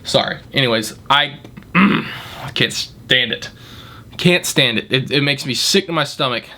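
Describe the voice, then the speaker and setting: A man's voice: medium pitch, expressive, measured pace, bright, forceful tone. A young man, a restaurant manager, telling a story in a blunt, indignant, casual way and swearing freely.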